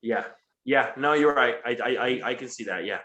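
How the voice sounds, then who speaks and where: A young man in a casual post-show chat, recapping a wrestling show in a profane, animated way. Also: medium pitch, normal speed, highs cut off. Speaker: podcast co-host.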